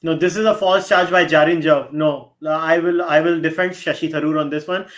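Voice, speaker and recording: A man's voice: fairly high pitch, steady tone, a little fast, fairly bright tone. A man arguing emphatically in a heated panel discussion, slipping in Hindi phrases. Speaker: guest panelist.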